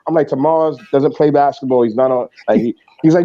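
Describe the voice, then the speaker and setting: A man and former coach chatting casually, telling animated stories and acting out other people's lines. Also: medium pitch, a little fast, muffled recording. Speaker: former coach, podcast co-host. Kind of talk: casual chat.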